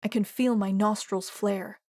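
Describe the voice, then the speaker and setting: A woman narrating a romance audiobook in a steady, expressive reading. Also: mid-range voice, a little slow, no echo, studio quality. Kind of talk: scripted narration.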